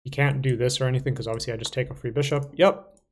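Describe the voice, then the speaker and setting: A man's voice: mid-range voice, fairly even intonation, fast. A young man casually thinking aloud while playing online chess, muttering to himself with playful asides. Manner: casual, self-talking, playful asides and mumbles. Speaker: chess streamer.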